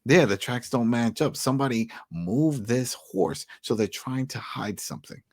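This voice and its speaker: A man co-hosting a casual TV recap podcast, animated and acting out characters' lines. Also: mid-range voice, moderate pace, no room sound. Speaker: podcast co-host.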